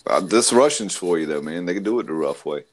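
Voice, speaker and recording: Aussie guy with a really low voice, crude joking chat, laughs a lot. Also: animated, quick pace. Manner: crude, laughing, puts on silly accents. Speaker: podcast host.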